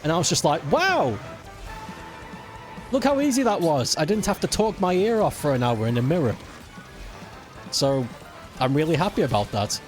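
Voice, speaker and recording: Male streamer, slightly high voice, fed-up swearing rant over faint game music. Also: a little fast, long pauses. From United Kingdom. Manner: exasperated, swearing, animated ranting. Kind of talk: casual rant while gaming on stream.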